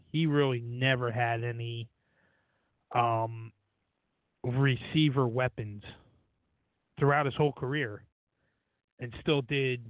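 A man's voice: medium pitch, no room sound. A man co-hosting a casual sports chat, arguing his opinions with lots of "you know". The sound is dry with no room, and squeezed thin like a phone call. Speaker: podcast co-host. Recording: dry, tinny phone-like audio.

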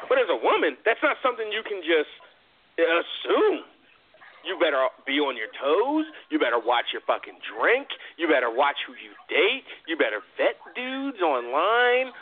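Animated, profane man on a tinny line. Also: fairly high pitch. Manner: animated, profane, rambling with restarts. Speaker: host. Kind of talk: call-in podcast chat.

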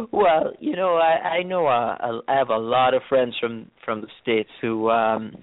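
A man's voice: medium pitch, no echo. Jamaican man, tinny phone line. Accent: Jamaican, toned down. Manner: easygoing, frequent fillers and restarts. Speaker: tourism board guest. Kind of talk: interview answers.

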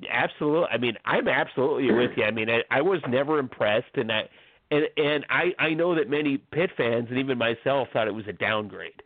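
A man's voice: medium pitch, a little fast, no room sound. A man talks college basketball in a loose, rambling way, piling up fillers and restarting his sentences. His voice comes through dry and tinny, like a phone line. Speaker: sports blogger. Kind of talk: casual sports podcast chat.

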